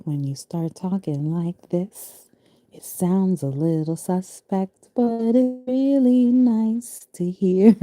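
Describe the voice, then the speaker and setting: Woman, casual scripture commentary, chatty asides, low pitch, dry close sound. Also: dark tone, no room sound. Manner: reads verses then explains them in loose chatty asides; laughs easily, restarts phrases. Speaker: spiritual reader.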